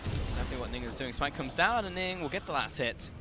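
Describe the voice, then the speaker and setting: A man giving play-by-play esports commentary, quick and rising to excited calls on big plays. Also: medium pitch. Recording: commentary over game music.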